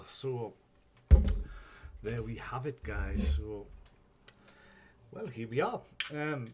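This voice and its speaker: A man hosts a casual live stream from home, rambling and chatting, swearing when things go wrong. His voice sits at an ordinary mid pitch. A faint background hum runs under the recording. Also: a little mellow.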